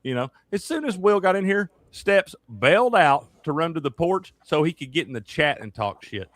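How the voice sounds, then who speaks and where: A man's voice: fairly high pitch, lively intonation, normal speed, fairly bright tone, no echo. A man hosting a casual sports betting chat, rowdy and profane, teasing his co-hosts. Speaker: sports show host.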